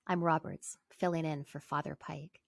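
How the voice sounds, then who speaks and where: A man's voice: on the high side, little pitch movement, moderate pace, creaky, dry recording, studio quality. Woman reading as a formal young priest. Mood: courteous. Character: odd young male priest, courteous.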